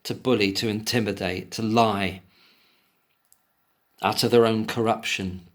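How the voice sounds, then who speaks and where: Angry, swearing man with a low voice. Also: fairly even intonation, unhurried. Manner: emotional, indignant, swears often; reads passages aloud, then breaks off to rant. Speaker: commentator reading and discussing an article. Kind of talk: solo commentary, reading aloud with angry asides.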